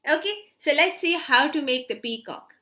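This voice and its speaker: A woman's voice: high voice, expressive, moderate pace, sharp tone. A woman teaching a children's hobby class, telling a story and then leading a craft, coaxing the kids with questions. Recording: roomy echo.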